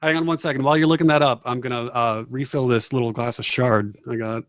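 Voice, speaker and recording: A man's voice: mid-range voice, steady tone, dry recording. A man running a tabletop role-playing game as game master, joking and often restarting his sentences. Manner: jokey, halting, restarts often.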